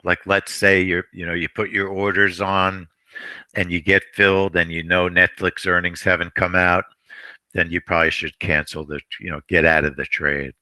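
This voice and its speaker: Male trading host, very low bright voice, unhurried, repeats himself, dry sound. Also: flat delivery, dry recording. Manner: rambling, repeats phrases, frequent throat clearing. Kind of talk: live trading commentary.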